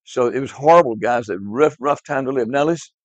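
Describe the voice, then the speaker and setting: A man's voice: mid-range voice, a little fast, no echo. Emphatic male teacher, dull dry recording. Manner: emphatic, repeats key words, quizzes the class. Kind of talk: classroom Bible devotional. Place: classroom.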